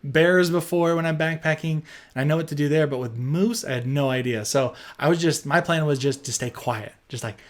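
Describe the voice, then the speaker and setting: A young man with a slightly high voice tells a personal story in a loose, chatty way. He is animated and keeps dropping in fillers as he goes. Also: a little fast, hardly any pauses. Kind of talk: storytime narration.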